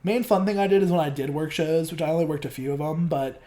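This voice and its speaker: A young man chatting casually as a guest on a podcast. He rambles and fills his speech with "like" and swearing, in a voice a little higher than most men's. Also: fast talker, mellow. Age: young adult. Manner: rambling, loaded with fillers like "like" and swearing. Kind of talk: casual chat.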